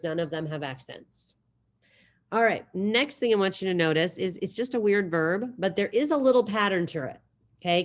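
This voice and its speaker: Woman teaching a video-call class. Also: lowish voice. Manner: drills conjugations slowly, then talks quickly. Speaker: Spanish teacher. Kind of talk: online class lecture with screen share. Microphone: computer mic on video call.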